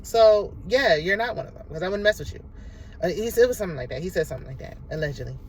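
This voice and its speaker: A woman's voice: on the low side, expressive, very fast, slight background noise, poor audio. A woman giving a casual, sassy recap of a reality TV episode, talking back at the cast as she goes. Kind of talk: casual show recap and commentary.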